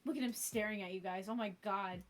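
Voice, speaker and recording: A woman's voice: mid-range voice, fairly quick. A young woman streaming from her room at home, chatting casually with viewers and her cat and laughing often. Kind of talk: casual live-stream chat.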